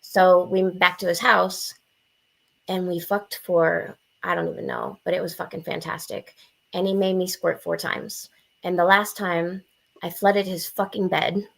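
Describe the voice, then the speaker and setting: A young adult woman telling a story on a podcast in a blunt, profane, animated way, acting out the quotes. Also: fairly low pitch, a little slow, creaky. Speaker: podcast guest. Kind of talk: casual storytelling.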